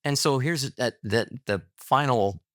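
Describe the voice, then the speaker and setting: A man's voice: medium pitch, measured pace, dry recording, clean studio sound. A middle-aged man, a podcast guest, telling a personal story casually and acting out the dialogue. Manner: animated storyteller, acts out quoted dialogue.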